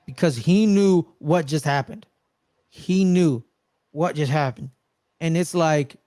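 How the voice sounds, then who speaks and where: A man co-hosting a casual movie review chat, retelling scenes in an animated way and acting out the characters' lines. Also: fairly high pitch, a little slow, no echo. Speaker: podcast co-host.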